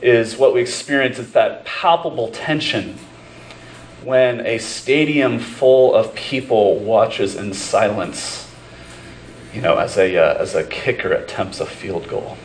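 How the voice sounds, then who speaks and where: A man's voice: lowish voice, takes it slowly, roomy sound, slight background noise, poor audio. A man preaching a sermon as pastor, telling personal stories in a conversational way with many fillers and restarts. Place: church sanctuary.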